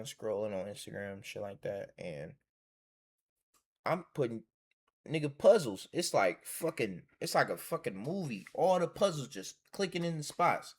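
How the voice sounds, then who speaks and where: A young man casually telling a storytime, reading old text messages aloud in a slangy, swearing, heated way. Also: on the low side. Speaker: storytime streamer.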